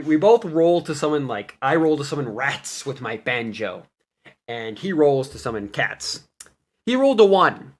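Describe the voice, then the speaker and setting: A young man recounts his tabletop campaign in a loose, goofy storytelling way. His voice sits a little high and leaps around with animation, and he keeps breaking into laughter. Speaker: player recapping a campaign. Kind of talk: casual storytelling recap.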